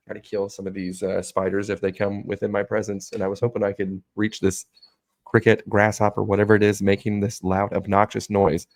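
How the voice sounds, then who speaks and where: A man with a fairly low voice tells loose, profane stories in a podcast chat. He is animated and laughs easily. The sound is close and dry, with no room echo. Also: gravelly. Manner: profane, animated storyteller who laughs often. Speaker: podcast co-host. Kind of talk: casual chat.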